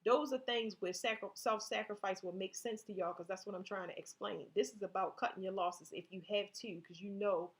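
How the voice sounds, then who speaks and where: A woman's voice: mid-range voice, fairly even intonation, a little fast, hardly any pauses. A woman giving a casual tarot reading, talking straight to her viewers, reading card text aloud and often restarting her sentences. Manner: conversational, restarts often, speaks directly to viewers. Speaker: tarot reader.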